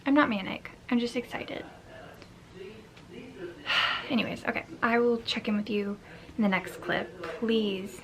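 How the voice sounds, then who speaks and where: A woman's voice: a little high, slow pace, pauses often, a crowd in the background. A young woman chatting casually in a reading vlog, rambling and scattered, with self-mocking asides, filmed on a camera mic at home. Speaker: book vlogger.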